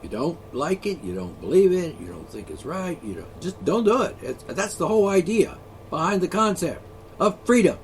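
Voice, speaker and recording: A man's voice: high-pitched, sing-song, normal speed, slight background noise. A man vlogging an angry solo rant, profane, sarcastic and mocking.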